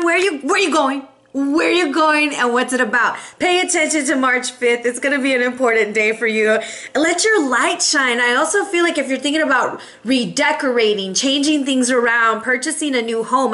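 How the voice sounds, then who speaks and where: A woman giving a casual, playful tarot reading to her viewers, chatting and giving shout-outs. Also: high-pitched. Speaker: tarot reader.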